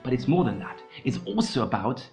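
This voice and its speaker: A man's voice: medium pitch, very animated, brisk, a little mellow. A man hosting a comedy podcast, giving a mock self-help lecture and rambling with "you know" and "okay?". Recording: roomy, dull sound with faint music.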